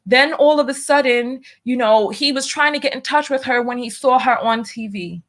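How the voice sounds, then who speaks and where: This is a woman with a somewhat high voice hosting a casual talk show, chatting on her own about the news of the day. She talks wryly and throws rhetorical questions at her viewers, then reads out and thanks them for their donations. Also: moderate pace, a bit bright. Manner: talkative, wry, rhetorical questions. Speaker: show host. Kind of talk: casual commentary and reading donations.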